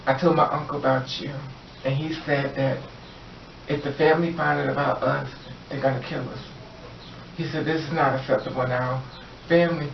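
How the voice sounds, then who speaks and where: A man's voice: mid-range voice, normal speed, creaky, distant mic, slight background noise. A man telling a story in a casual storytime, acting out the voices of the people in it. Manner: animated, acts out the voices of the people in his story. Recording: echoey room, off-mic, slightly dull.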